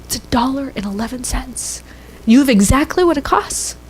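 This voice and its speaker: A woman voicing a kind male surgeon who speaks to a child in a hushed, half-whispered voice. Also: high-pitched, lively intonation, moderate pace, slightly rough, voice pushed up, low-quality recording. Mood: tender.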